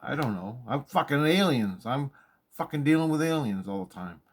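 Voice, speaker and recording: A man excitedly telling a personal story, swearing freely and repeating himself for emphasis. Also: medium pitch, moderate pace. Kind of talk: casual spoken storytelling monologue.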